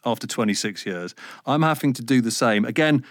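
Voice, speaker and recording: A man in his fifties chats freely as an interview guest, animated and a little sweary, slipping into voices when he tells a story. His voice sits at an ordinary pitch, recorded close and dry with no room around it. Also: a little fast, dry recording. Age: 50s. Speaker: radio presenter guest. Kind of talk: casual interview chat.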